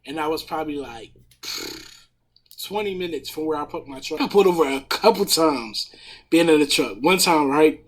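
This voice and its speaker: A man in casual podcast chat, retelling a story in a profane, animated way with a husky voice. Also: fairly high pitch, normal speed. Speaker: podcast panelist.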